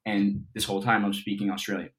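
Young man, lowish voice, chatty, animated storytelling, casual interview. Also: fast talker. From Colorado, US. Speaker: actor guest.

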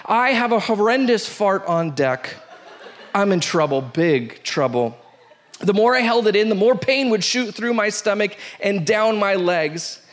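A man hosting a show, reading a funny first-date story aloud with lively, laughing delivery. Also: high voice, unhurried. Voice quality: animated, breaks into laughter, shouts out the quoted lines. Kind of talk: comic storytelling read aloud.

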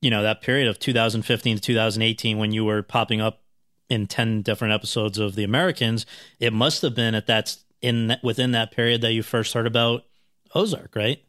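A man's voice: fairly low pitch, fairly even intonation, a little fast, fairly bright tone, dry recording, studio quality. A man hosting an interview who asks long, winding questions full of restarts. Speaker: interview host.

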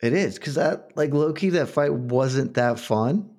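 A man co-hosting a betting podcast, telling stories in an animated, laughing way. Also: mid-range voice, a little slow. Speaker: podcast co-host. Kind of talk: casual betting chat.

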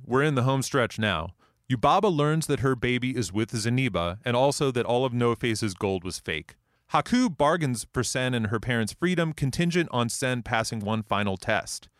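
A man's voice: mid-range voice, moderate pace, dry recording. Man, podcast co-host, methodical recap, dry close sound. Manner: steady, methodical summarizing. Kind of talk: casual film-plot recap.

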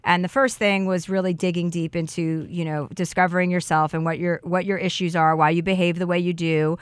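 A woman's voice: fairly low pitch, level tone, a little fast, clean tone, no room sound. A woman on a podcast, sharing an earnest and heartfelt personal story in casual chat.

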